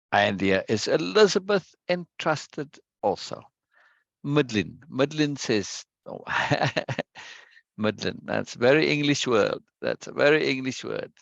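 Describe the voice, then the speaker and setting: A man's voice: mid-range voice, vocal fry, no echo, highs cut off. A man hosting an online study group, chatting casually and greeting viewers one by one, often repeating his phrases. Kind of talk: casual livestream chat before a reading session.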